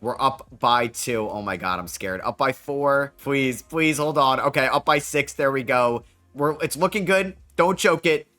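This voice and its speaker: Bright-voiced excitable young man gaming. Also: medium pitch, unhurried. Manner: excitable, groans and yells at the game. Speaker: gaming YouTuber. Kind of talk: game commentary while playing.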